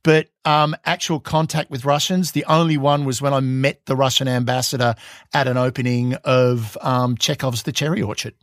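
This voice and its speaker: A man's voice: mid-range voice, fairly even intonation, normal speed, dry recording, studio quality. A middle-aged Australian man, a podcast guest, telling self-mocking stories in casual chat and acting out the voices he quotes. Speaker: podcast guest, former intelligence officer.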